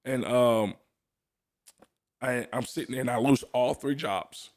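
A man's voice: mid-range voice, measured pace, darkish tone. A young man sharing his personal testimony in a casual chat, telling it earnestly with frequent laughs. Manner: earnest storytelling, laughs often, restarts.

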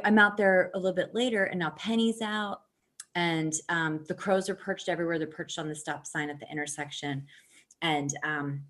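A woman with a slightly low voice tells a story in a loose, chatty way. She swears freely, laughs easily and swings her voice up and down as she gets into it. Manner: animated, profane, laughs often. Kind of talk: casual storytelling chat.

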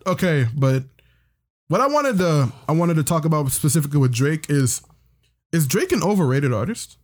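A man's voice: on the high side, big pitch swings, normal speed. A young man co-hosting a podcast, talking casually, often restarting his sentences and swearing freely. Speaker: podcast co-host. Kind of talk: casual chat.

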